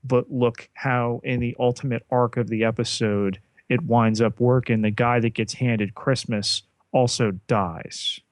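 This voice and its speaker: A man co-hosting a podcast, recapping a TV episode in a measured way with frequent fillers. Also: medium pitch, fairly even intonation, dry recording. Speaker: podcast co-host.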